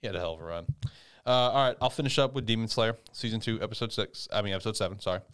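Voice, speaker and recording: A man casually recapping an anime episode, rambling and swearing, who jumps into squeaky high voices when he acts out the characters. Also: racing, a bit bright, clean tone.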